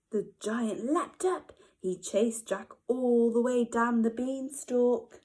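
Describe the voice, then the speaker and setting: A woman, a nursery teacher, reading a storybook to young children expressively, with gasps and hushed whispers. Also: fairly high pitch, fairly even intonation, slow, few pauses, rough recording.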